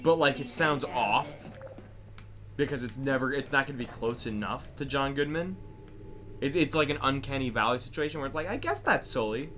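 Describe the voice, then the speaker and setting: A man's voice: mid-range voice, normal speed, bright, forceful tone, slight background noise. A man hosting a game stream in casual chat, rambling, laughing often and swearing freely. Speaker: stream host. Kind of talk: casual chat while gaming.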